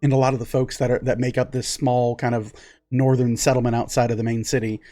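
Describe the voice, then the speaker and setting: A man's voice: mid-range voice, flat delivery, quick pace, dark tone, soft background music. A man narrating as game master of a tabletop game, rambling with many fillers.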